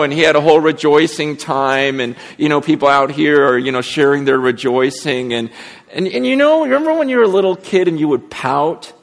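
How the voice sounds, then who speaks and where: A pastor preaches to his congregation in a church sanctuary, his medium-pitched, expressive voice moving at a moderate pace with a creaky edge and a big-room sound. He talks candidly and rambles, poking fun at himself and restarting often.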